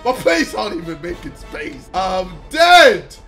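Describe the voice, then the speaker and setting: A young man, commentating his own football video game in a loud, sweary way, switching from mock rage to gloating. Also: sits high, sing-song, a little slow, creaky, music in the background. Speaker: gaming YouTuber. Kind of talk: live gameplay commentary.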